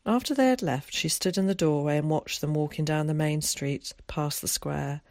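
An audiobook narrator reading a novel in a measured, even storytelling manner. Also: medium pitch, no echo, clean studio sound. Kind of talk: scripted narration.

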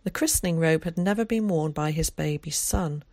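A woman reading an audiobook aloud in a steady, measured way. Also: low-pitched, no echo, studio quality. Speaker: audiobook narrator. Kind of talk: scripted audiobook narration.

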